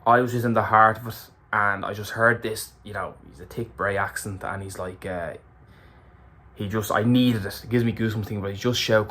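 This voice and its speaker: A man's voice: fairly low pitch, steady tone, brisk, bright, forceful tone. An Irish man recapping a race to camera in a candid, emotional way, swearing freely. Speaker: ultramarathon runner vlogger.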